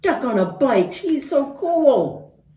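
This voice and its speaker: A woman voicing an excited male dog who gushes with admiration. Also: high-pitched, slow pace, pitched above the performer's own voice, heavily acted. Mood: admiring. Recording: roomy, from far off.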